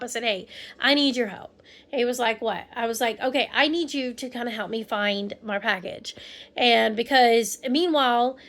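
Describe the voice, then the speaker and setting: Young woman, rambling vlog storyteller, fairly high voice, lots of restarts. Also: fairly bright tone. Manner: rambling, restarts, quotes people with mock voices. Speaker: vlogger. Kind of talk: casual storytelling.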